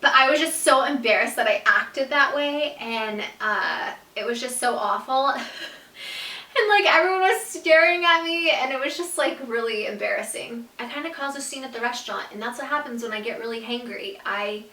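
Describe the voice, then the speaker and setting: Young woman vlogger, bright slightly high voice, chatty storyteller, roomy echo, a bit off-mic. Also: normal speed, recorded from a distance. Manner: animated, swearing, lots of "like", laughs through story. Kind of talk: storytime vlog.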